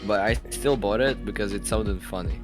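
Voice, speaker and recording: A man's voice: on the low side, normal speed. Giggly rambling teen boy, music behind. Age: teens. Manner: giggly, rambling, lots of fillers. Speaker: podcast co-host. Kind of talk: casual chat. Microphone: home microphone.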